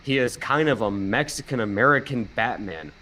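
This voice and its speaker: A man's voice: medium pitch, moderate pace, sharp tone, a little hiss or hum, rough recording. A man on a podcast reading a movie review aloud, stumbling now and then and laughing at it. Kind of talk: casual chat, reading an article aloud.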